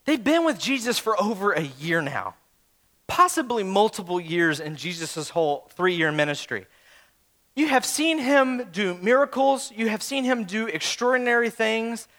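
A man preaching a sermon as a pastor, telling a story in an animated way with joking asides. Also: high-pitched, measured pace.

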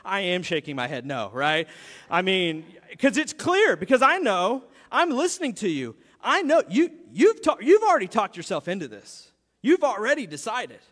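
Lively, high-voiced male pastor preaching. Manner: animated, conversational preaching with playful asides. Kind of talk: sermon. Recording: long hall reverb.

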